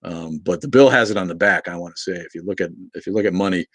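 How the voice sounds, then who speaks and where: A man's voice: low-pitched, quick pace, fairly bright tone, dry recording. A man from Boston hosting a casual livestream, rambling, swearing freely and answering chat comments. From Boston, New England. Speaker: livestream host.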